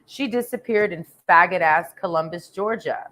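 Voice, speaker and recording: A woman's voice: on the low side, normal speed, a bit bright. A woman from Texas ranting in a crude, confrontational vlog monologue, swearing constantly and rambling with trailing "and"s. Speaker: vlogger.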